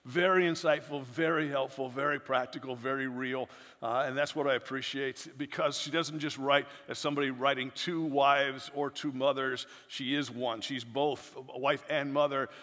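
A man's voice: medium pitch, steady tone, normal speed, a bit bright. A male pastor gives informal announcements and introduces a guest speaker, often restarting his words. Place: church sanctuary. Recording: long hall reverb of a church.

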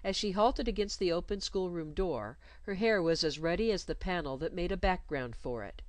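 A woman reading a story aloud in an expressive, measured way. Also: on the low side, no echo. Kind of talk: scripted storybook narration.

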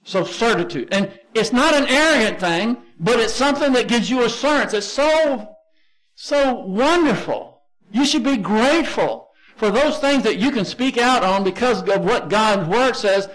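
A pastor with a Texan accent delivers a sermon in a conversational yet emphatic style, slowing down to stress key phrases. His voice is very high, with lively intonation and a somewhat bright tone, and the recording is rough.

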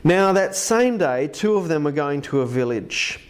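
A man preaching a sermon in church, reading scripture aloud with lively, expressive emphasis. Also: on the high side, measured pace.

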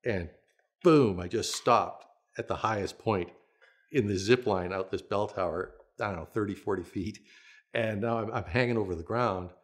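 Deep-voiced older man telling stunt stories. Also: normal speed. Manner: relaxed anecdotal, frequent restarts and chuckles. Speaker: veteran stunt performer and coordinator. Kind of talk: interview storytelling.

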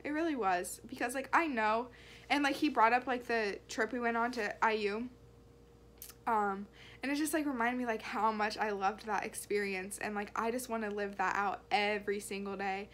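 A woman's voice: fairly high pitch, normal speed, fairly bright tone, a little hiss or hum. Earnest young woman vlogging, full of fillers. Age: young adult. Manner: earnest, rambling, many fillers. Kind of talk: casual faith vlog.

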